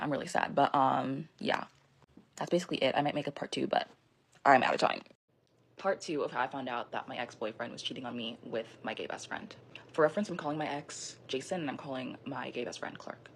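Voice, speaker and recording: Fast-talking low-voiced young woman, rambling. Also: a little hiss or hum. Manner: rambling, filler-heavy, swears freely. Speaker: storyteller. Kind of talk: casual storytime.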